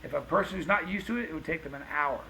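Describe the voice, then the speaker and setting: A man telling stories on a podcast, animated and acting out the dialogue of the people in them. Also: fairly high pitch, rapid-fire, a little hiss or hum, low-quality recording. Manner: animated anecdote-teller, acts out quoted dialogue. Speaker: podcast guest, pepper show host. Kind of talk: casual storytelling.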